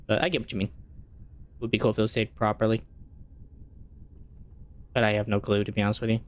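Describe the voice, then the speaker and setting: A man streaming a game, chatting casually and answering his chat as he plays. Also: fairly low pitch. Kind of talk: casual chat while gaming.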